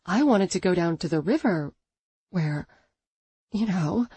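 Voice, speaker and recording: Give me a raspy, shaken young woman read by a woman, dark-toned. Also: fairly low pitch, animated, a little slow, dry recording, full character voice. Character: shaken young woman, trembling but firm.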